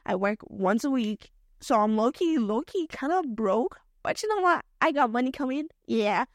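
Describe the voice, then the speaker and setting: A young woman hosting her own podcast, chatting casually in a slangy, expressive way that jumps between topics, recorded at home late at night. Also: fairly high pitch, normal speed, no room sound, studio quality. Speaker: podcast host. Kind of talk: casual solo podcast chat.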